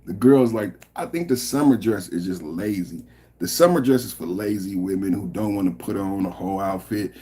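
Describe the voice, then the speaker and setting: On a casual podcast livestream, a husky-voiced man reads the chat aloud at a normal speed. He rambles, cracks jokes and laughs frequently, alternating quiet muttering with louder moments.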